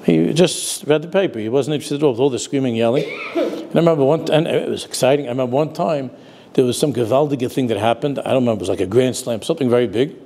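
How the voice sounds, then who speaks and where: A man's voice: mid-range voice, fast talker, dark tone, slight background noise. An older man, a rabbi giving a sermon, telling stories and dropping Yiddish and Hebrew words into his talk.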